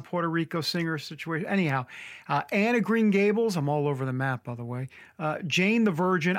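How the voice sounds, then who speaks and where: A man's voice: fairly high pitch, fairly bright tone. A man with a New York accent hosting a podcast, talking in a chatty, jokey, rambling way with self-mocking asides. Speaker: podcast host.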